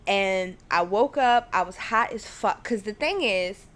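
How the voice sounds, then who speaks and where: A woman hosting her own podcast from her living room, chatting casually in a rambling, excitable way and often dropping to a whisper. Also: medium pitch, measured pace. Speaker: podcast host. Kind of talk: casual solo chat. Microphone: studio mic at home.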